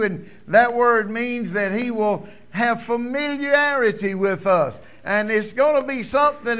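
A middle-aged pastor preaching a sermon, swinging between ringing loud declarations and hushed, almost whispered lines. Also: male voice, sits high.

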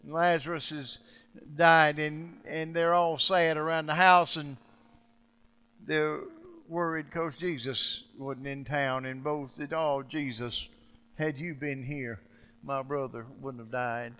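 A man preaching a sermon, acting out quoted speech and swinging dramatically from loud outbursts to hushed lines. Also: on the high side, fairly even intonation, slow pace, clean tone.

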